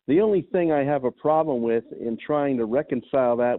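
A man's voice: mid-range voice, brisk, no room sound. A male caller on a thin, tinny phone line. His voice is dry, and he works through his question tentatively, thinking aloud as he goes. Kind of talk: call-in question.

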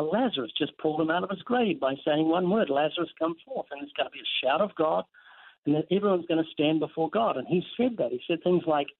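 Guy preaching hard on a phone call, kinda high voice, sounds all tinny. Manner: earnest, vivid storytelling with scripture quotes. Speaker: guest author. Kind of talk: evangelistic preaching in an interview.

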